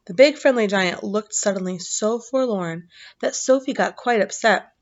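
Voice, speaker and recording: A woman narrating a storybook aloud, reading steadily and dropping into soft, casual asides. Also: mid-range voice, normal speed, dull audio.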